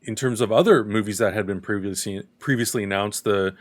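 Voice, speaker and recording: A podcast host leads a casual fan discussion, enthusiastic and a little rambling, before signing off to viewers. His voice is fairly low and brisk.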